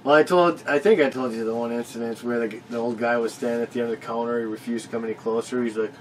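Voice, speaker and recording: A man's voice: mid-range voice, fairly even intonation, fast, few pauses, a little hiss or hum, rough recording. A man co-hosting a casual chat, telling stories in a laid-back, profane, laughing way. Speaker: podcast co-host.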